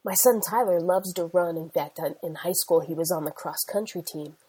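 Middle-aged woman preacher, husky, earnest, conversational storytelling sermon. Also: on the low side, normal speed, warm tone, rough recording.

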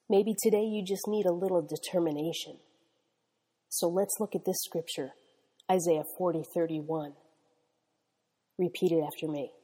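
Woman Bible teacher, breathy lower voice, long reverb on the recording, devotional pacing. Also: fairly even intonation, warm tone. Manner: slow and deliberate, rising emphatically on quoted verses. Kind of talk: devotional teaching, guided scripture confession.

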